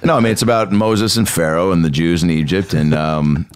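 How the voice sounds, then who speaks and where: A man on a comedy podcast joking dryly, often pausing with ums as he gathers his thoughts. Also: deep voice, steady tone, clear, resonant tone. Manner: dry, hesitant with many ums. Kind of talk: casual comedic chat.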